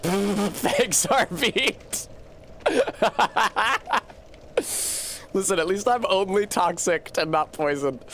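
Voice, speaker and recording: A man's voice: on the high side, a little hiss or hum. A man streaming a game, chatting casually in a profane, rambling way and laughing often. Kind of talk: casual gameplay chat.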